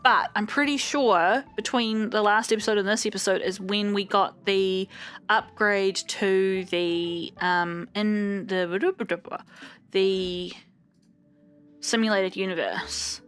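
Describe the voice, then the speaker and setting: A woman's voice: mid-range voice, slow pace, a bit bright, smooth, soft background music. Chatty, swearing young woman gamer. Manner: chatty, profane, self-mocking. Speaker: gaming channel host. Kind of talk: casual let's play commentary.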